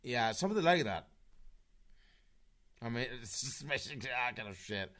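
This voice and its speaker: A man's voice: mid-range voice, sing-song, moderate pace, fairly bright tone. A man in casual online group chat, rambling with restarts and swearing, with a slightly slurred voice.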